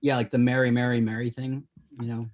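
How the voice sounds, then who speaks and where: A man's voice: medium pitch, level tone, brisk. A man from near the South Shore with a light Boston accent, a podcast host chatting casually and explaining with lots of fillers and restarts. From Massachusetts, inland of the South Shore. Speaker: podcast host, former tour guide. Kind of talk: casual chat.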